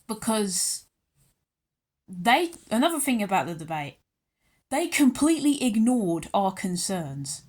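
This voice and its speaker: A woman's voice: big pitch swings, unhurried, pauses often, a little mellow. Angry ranting young British woman. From United Kingdom. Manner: angry, sarcastic ranting with swings in pitch. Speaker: YouTuber. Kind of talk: ranting vlog commentary.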